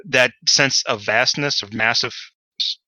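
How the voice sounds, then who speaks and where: Male game master for a tabletop session; halting narration, bright voice, close dry sound. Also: mid-range voice, no echo, low-quality recording. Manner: hesitant, many fillers.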